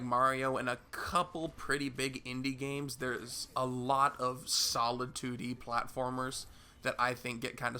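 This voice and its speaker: A man's voice: medium pitch, pushed and bright. A young man with a sick voice, chatting casually in a rambling vlog Q&A about his gaming channel. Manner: rambling, repeats words and fills with "uh". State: sick, hoarse voice. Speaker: YouTube gaming channel host.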